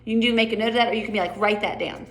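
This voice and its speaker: A woman's voice: fairly high pitch, steady tone, very fast, roomy sound, slight background noise. A woman teaching a play's lines in sign language, explaining with casual asides. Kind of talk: sign language rehearsal instruction.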